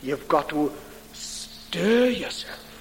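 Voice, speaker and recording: A man preaching a sermon in a deliberate, emphatic way with dramatic pauses. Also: fairly high pitch, big pitch swings, creaky. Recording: long hall reverb, faint background noise.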